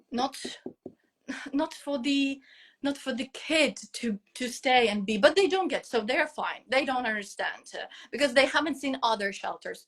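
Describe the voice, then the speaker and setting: A woman's voice: a little high, a bit bright. A Ukrainian-accented woman, speaking English as a second language, guesting on a live video interview. She talks hesitantly and emotionally, with many fillers and restarts. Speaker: guest teacher. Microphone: phone on a live video call.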